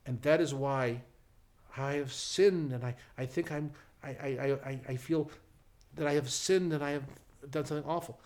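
An earnest elderly husband at confession, as a man puts him on, hushed and halting. He talks low and soft, stumbling as he owns up. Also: fairly even intonation, close to an everyday voice.

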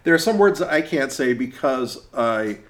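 A man co-hosting a podcast, telling anecdotes in a rambling, casual way with halting restarts. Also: mid-range voice, animated, fairly bright tone. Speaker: podcast co-host. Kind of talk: casual storytelling chat.

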